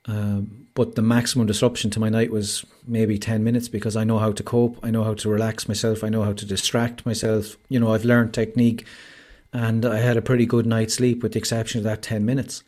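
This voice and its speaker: A man's voice: lowish voice, level tone, fairly quick, darkish tone. An Irish man, a podcast guest, telling his story openly and earnestly over a video call, with lots of "like" and "you know". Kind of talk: candid conversational interview.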